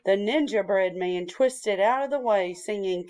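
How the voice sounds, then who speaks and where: Woman storyteller, slow and deliberate picture-book reading, mid-range voice. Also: mid-range voice, a little mellow.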